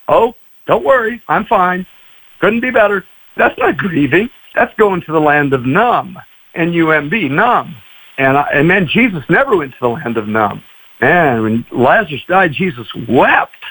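A man, a pastor, telling stories in a radio interview in an expressive way, acting out voices. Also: on the high side, husky, rough recording. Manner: expressive, acts out voices, repeats "man" and "you know". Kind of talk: animated storytelling in a radio interview.

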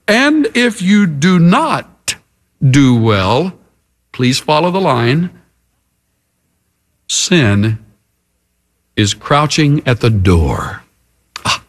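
A man preaching a sermon as a pastor, emphatic and with dramatic pauses. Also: fairly high pitch, a bit bright.

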